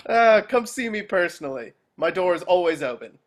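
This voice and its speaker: A man's voice: sits high, expressive, moderate pace. A man reading a chipper, nervous afterlife architect who rambles and stumbles while giving a speech over a video call.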